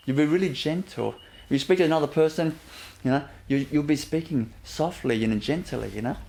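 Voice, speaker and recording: A man giving a gentle inspirational talk as a spiritual teacher, often laughing softly and leaning on "you know" as he repeats himself. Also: on the high side, brisk, creaky. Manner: repetitive, fills with "you know".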